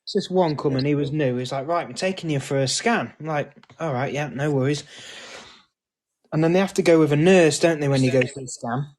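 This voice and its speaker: A man's voice: a little high, brisk. A man co-hosting a casual podcast chat, telling stories and quoting the people in them. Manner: relaxed storyteller, quotes others with a laugh. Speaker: podcast co-host.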